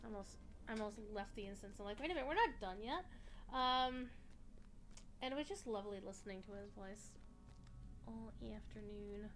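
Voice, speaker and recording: A woman livestreaming a game, chatting in a rambling way with sudden excited outbursts. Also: mid-range voice, moderate pace, noisy background. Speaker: livestreaming gamer. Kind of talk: casual chat while playing a game.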